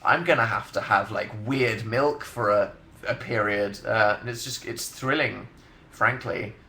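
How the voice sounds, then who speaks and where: A man's voice: on the low side, unhurried, pushed and bright, roomy sound, slight background noise. A young man in his twenties chatting casually on a livestream, rambling and sardonic, laughing often as he reads out comments. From England. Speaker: livestream host. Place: bedroom livestream setup, indoors.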